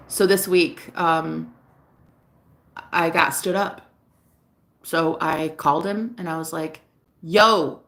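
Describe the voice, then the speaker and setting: A woman who works as a psychic reader, telling a personal story in a casual vlog, candid and lively, swearing now and then. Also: deep voice. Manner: animated, candid, swears, laughs often.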